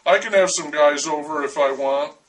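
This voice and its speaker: A sheepish young husband caught out, pleading and stubbornly defending himself, voiced by a male storyteller. He sounds slightly higher than the narrator. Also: normal speed, a bit bright, far from the mic, natural voice. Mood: defensive.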